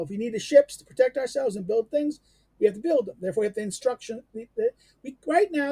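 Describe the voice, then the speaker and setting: A man's voice: very high voice, gravelly, dark tone, husky, no room sound. A man giving an unscripted lecture, rambling and emphatic, with many fillers and restarts.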